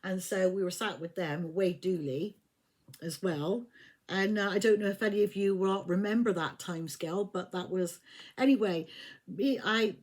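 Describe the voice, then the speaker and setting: A woman's voice: mid-range voice, moderate pace, a little mellow. An English woman in her fifties telling a rambling personal story in a casual, chatty way, laughing often and swearing now and then. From England. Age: 50s. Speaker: tarot reader.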